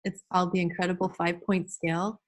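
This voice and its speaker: A middle-aged woman training teachers over a video call, animated and teacherly, acting out classroom routines. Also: fairly low pitch, fast. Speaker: early childhood behavior trainer. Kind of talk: online class presentation. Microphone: computer mic on a video call.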